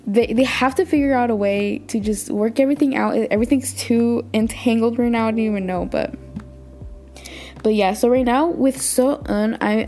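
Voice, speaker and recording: A woman's voice: on the high side, warm tone. Woman podcast host, casual recap, gushes and thinks aloud, light music bed. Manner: gushing fan, thinks aloud.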